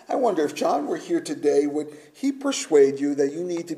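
A man preaching a sermon, emphatic, shifting between loud declarations and hushed, almost whispered lines. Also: on the high side, animated, moderate pace. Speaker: pastor.

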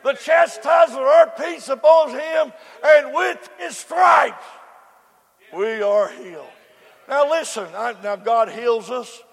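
A man preaching a sermon, swinging between loud shouted cries and low, quiet storytelling. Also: slow, vocal fry, slightly rough, a faint crowd. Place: church. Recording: echoey hall with faint congregation.

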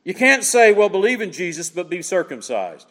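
A man preaching with a high, lively voice that swoops up and down as he drives each point home. He keeps asking the congregation short rhetorical questions. The sound carries a long reverb, as in a large sanctuary. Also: normal speed. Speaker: pastor. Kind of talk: expository sermon.

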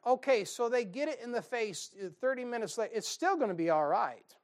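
A man preaches from the pulpit. His delivery is folksy and conversational, full of quick asides and homespun jokes between the scripture readings. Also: high voice, lively intonation. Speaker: pastor. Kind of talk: sermon.

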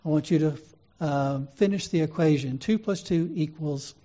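A man voicing a stern, commanding male teacher as he retells a film in a sermon, speaking in low, clipped orders. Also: normal speed, warm tone, highs cut off, natural voice.

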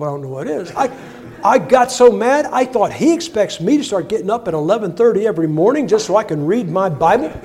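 Older male preacher, 60s, high voice, folksy humor, swings from quiet asides to loud bursts. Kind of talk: sermon.

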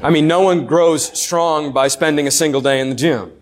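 Man, preacher, sermon, earnest, slightly high voice, probing questions. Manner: earnest, questioning the congregation, slowing on key words.

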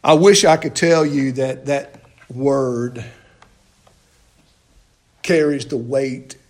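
A man's voice: medium pitch, steady tone, slow, a little mellow. A man preaching a sermon in a church, emphatic and full of rhetorical questions and repeated phrases. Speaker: pastor.

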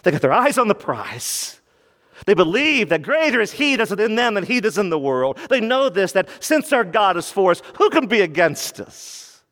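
A man preaching a radio sermon, emphatic, dropping low for key points and rising when he quotes. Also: sing-song, moderate pace, fairly bright tone, long reverb tail. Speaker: pastor.

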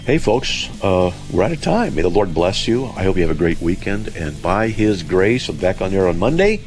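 Deep-voiced man hosting talk radio. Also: sing-song, moderate pace, darkish tone, faint music behind, poor audio. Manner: emphatic, scornful bursts of high-pitched exclamation; loose, rambling with many fillers. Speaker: radio show host. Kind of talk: call-in radio talk on theology.

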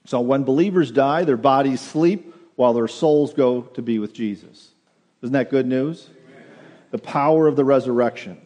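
A male pastor delivers an earnest sermon, restarting phrases and repeating words as he goes. His voice is mellow and dark. The sound carries a long reverb from the church hall around him. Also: medium pitch, moderate pace. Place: church sanctuary.

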